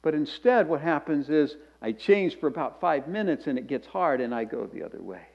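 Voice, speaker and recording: A man with a high voice preaches to his congregation. He talks casually, often repeats or restarts a phrase, and slips in jokes and asides. The sound is slightly dull and lo-fi. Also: animated, moderate pace, gravelly, a little mellow. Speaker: pastor. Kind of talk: sermon.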